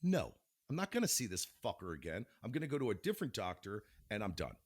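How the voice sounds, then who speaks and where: Animated man swearing through a story. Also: fairly low pitch, fast talker, husky. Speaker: podcast co-host. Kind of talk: casual chat.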